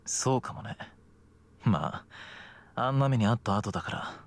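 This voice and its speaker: A man's voice: mid-range voice, animated, fast, gravelly. A curt, cold young man. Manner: curt and harsh. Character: cold, guarded young man brushing off a friend. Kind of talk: visual novel voice acting.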